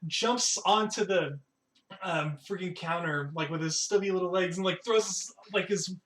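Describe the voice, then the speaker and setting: Guy running a tabletop game, kinda high voice, rambles a lot. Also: moderate pace, a bit bright. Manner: rambling, lots of fillers. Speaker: game master.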